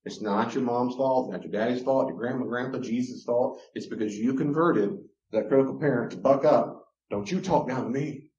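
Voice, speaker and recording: A man's voice: medium pitch, moderate pace, darkish tone. A man with a Southern US accent, a Christian counselor giving an impassioned, emphatic lecture to a class. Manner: emphatic, gets worked up. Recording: roomy, dull lo-fi room recording.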